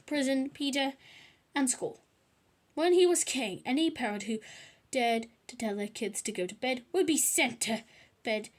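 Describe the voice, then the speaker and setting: A woman reading a children's book aloud, adding chatty asides. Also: on the high side. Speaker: storyteller.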